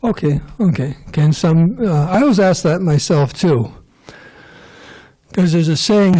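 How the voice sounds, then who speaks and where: A man's voice: on the high side, normal speed, mellow. A man giving a casual scripture class, rambling and joking with digressions. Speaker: temple class speaker.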